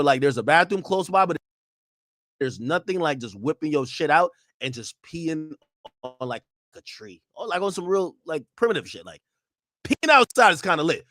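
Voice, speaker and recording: A man's voice: sits high, fairly bright tone, no room sound, studio quality. A young man streaming casual reaction commentary in a slangy, joking way.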